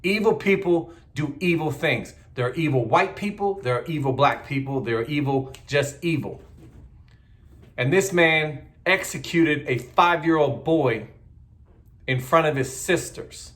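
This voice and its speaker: A man's voice: a little high, measured pace, a bit bright. A middle-aged man, giving a blunt, heated, repetitive political rant in a casual monologue. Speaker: political commentator.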